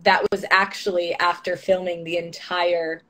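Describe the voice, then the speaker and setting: A woman's voice: on the low side, level tone, a little slow, pushed and bright. A young woman telling stories as a guest in a casual interview, chatty and full of fillers, laughing often. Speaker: actress being interviewed.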